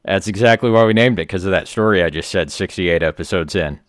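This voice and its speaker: A man co-hosting a comedy podcast, telling rambling stories in a deadpan way. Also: sits low, fast talker, no echo, clean studio sound. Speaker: podcast co-host. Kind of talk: casual comedy podcast chat.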